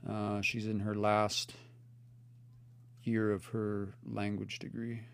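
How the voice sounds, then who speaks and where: A man's voice: fairly low pitch, monotone, slow pace, gravelly, smooth. Earnest man teaching live from home. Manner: thoughtful, earnest, restarts and repeats words while explaining. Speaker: language teacher on livestream. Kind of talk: casual live teaching, reading chat comments. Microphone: phone or computer mic for a livestream.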